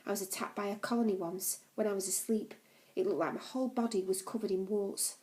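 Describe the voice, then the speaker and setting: A woman's voice: mid-range voice, fairly even intonation, fairly quick, darkish tone, lightly acted. Woman reading as a blunt jungle explorer. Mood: matter-of-fact. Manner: blunt, commanding instructions. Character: brisk gruff adult male jungle explorer.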